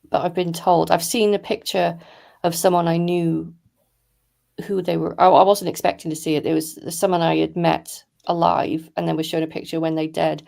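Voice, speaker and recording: A woman's voice: on the low side, gravelly, a little mellow. A woman, a podcast guest, telling stories frankly and matter-of-factly over a video call. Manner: frank, matter-of-fact storytelling. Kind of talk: casual chat.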